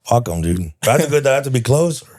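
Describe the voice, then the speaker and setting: Raspy-voiced man joking around. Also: mid-range voice, sing-song, racing, darkish tone. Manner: joking, profane, laughs often. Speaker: guest stand-up comedian. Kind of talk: crude casual podcast banter.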